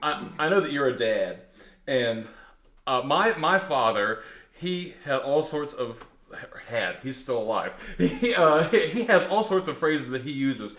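Man from the Deep South hosting, animated pitch, self-mocking, echoey room. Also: a little slow. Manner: laughing, rambling, self-mocking. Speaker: podcast host. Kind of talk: casual chat and play introduction. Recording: roomy echo.

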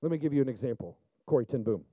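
A male pastor preaching a sermon, telling stories and building up to loud, fervent peaks. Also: mid-range voice, lively intonation, very fast, husky, no echo, narrow, tinny audio. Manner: storytelling preacher, rises to loud fervent climaxes.

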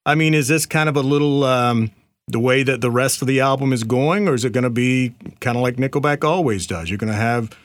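A man's voice: medium pitch, brisk, dry recording. A male radio host interviews his guests in an upbeat, chummy way. His voice sits in a middle range. The sound is dry, as in a studio booth.

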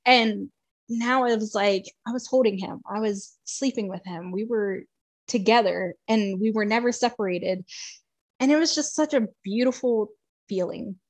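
A woman guest telling a personal story in a casual, chatty way, filled with "like" and frequent laughter, moving between excitement and hushed emotion. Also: mid-range voice, normal speed, no echo. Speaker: podcast guest.

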